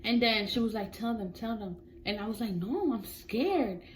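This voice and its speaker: A woman's voice: mid-range voice, fairly even intonation, a little fast, a little hiss or hum, rough recording. A young woman telling a chatty storytime vlog, acting out her family members' voices as she goes. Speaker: vlogger.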